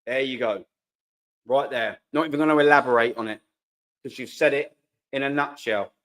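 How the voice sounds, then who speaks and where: A man's voice: mid-range voice, moderate pace, fairly bright tone. A young British man hosting a fan live stream who rants heatedly and sarcastically at comments, swearing freely. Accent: British English. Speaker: fan channel host.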